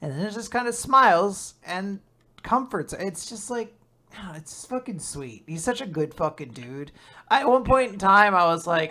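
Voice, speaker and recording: A co-host with a mid-pitched voice gushes about a manga chapter on a podcast. The talk is loose and profane, and the speaker keeps slipping into the characters' dialogue. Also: lively intonation, moderate pace, sharp tone. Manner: enthusiastic, swears casually, acts out dialogue. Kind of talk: casual chat reacting to a manga chapter.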